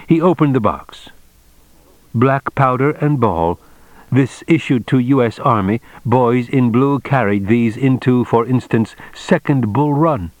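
A man's voice: mid-range voice, measured pace, dry recording, pitched above the performer's own voice, close to an everyday voice. A man doing a nervous, fawning antique dealer. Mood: feigned calm. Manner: anxious, obsequious, clipped speech. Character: nervous, eager-to-please male antique dealer. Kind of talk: audiobook character reading.

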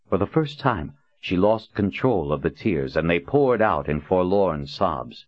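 Deep-voiced male audiobook narrator. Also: expressive, normal speed, few pauses, no echo. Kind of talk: scripted narration. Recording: dull, dry lo-fi recording.

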